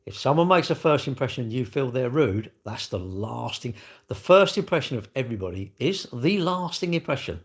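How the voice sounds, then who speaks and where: British bloke live-streaming, chatty and rambly, goes off on tangents, mid-pitched voice. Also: male voice, moderate pace. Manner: rambling, animated, chatty with slang. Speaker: livestreamer answering chat. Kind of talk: casual live-stream chat.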